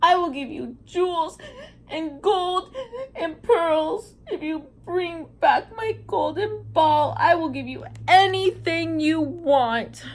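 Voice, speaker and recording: A woman's voice: very high-pitched, takes it slowly, voice pushed up, heavily acted. A woman voicing a spoiled young princess who sobs as she begs. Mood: sobbing. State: crying.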